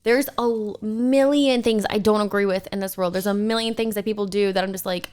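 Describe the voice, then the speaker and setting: A young woman chatting on a podcast in a smooth, clear voice. She talks casually and tells stories with plenty of fillers. Her pitch sits in an ordinary middle range. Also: fairly quick. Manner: chatty, animated storytelling with many fillers. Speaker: podcast co-host. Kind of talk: casual chat.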